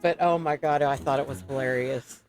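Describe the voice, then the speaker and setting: A woman's voice: very deep voice, fairly even intonation, moderate pace, loud music behind the voice. A woman streaming a co-op game, chatting casually with friends and swearing freely as she jokes. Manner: profane, teasing. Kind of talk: casual gaming chat.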